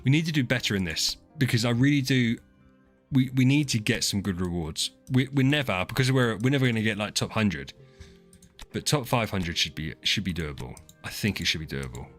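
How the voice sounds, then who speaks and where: A man's voice: lowish voice, animated, a little fast, soft background music. A man from England, streaming and chatting casually with his viewers in a teasing, rambling way. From southern England. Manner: chatty, teasing, frequent restarts and laughs. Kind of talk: casual chat with chat readers.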